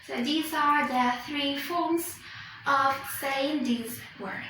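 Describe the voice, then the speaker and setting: A woman who speaks Spanish as her first language explains English pronunciation slowly and deliberately, often checking with "okay?" and correcting herself. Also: high voice, bright, forceful tone, a little hiss or hum. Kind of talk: recorded lesson explanation. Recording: echoey room from far off.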